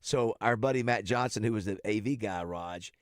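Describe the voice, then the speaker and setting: A man's voice: lowish voice, normal speed, no echo. Male morning radio co-host, rambling storyteller, dry studio sound. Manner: storytelling, repeats words, trails off quietly. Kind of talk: casual radio chat. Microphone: studio mic.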